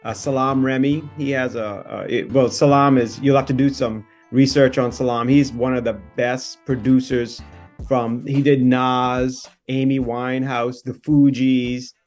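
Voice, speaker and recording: Man, 50s, Bahamian-New York accent, middle pitch, laid-back rambling interview talk. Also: level tone, measured pace, a little mellow, faint music behind. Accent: Bahamian-New York mix. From born in New York, raised in the Bahamas. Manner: laid-back, rambling, many "you know" fillers. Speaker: TV host, guest. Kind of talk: casual interview chat.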